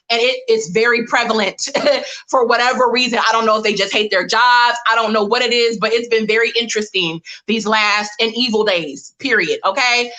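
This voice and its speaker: Bright-voiced woman giving a motivational talk. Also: fairly high pitch. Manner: lively, direct, talks straight to the audience as "y'all". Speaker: panel speaker on a live motivational stream. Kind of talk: motivational talk with personal stories. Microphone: webcam or phone mic on a live stream.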